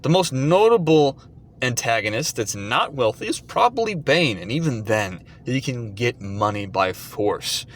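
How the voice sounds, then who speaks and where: A man's voice: mid-range voice, very animated, a little slow, slight background noise. A man delivering an indignant, sarcastic commentary rant. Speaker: commentary vlogger. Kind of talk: ranting commentary.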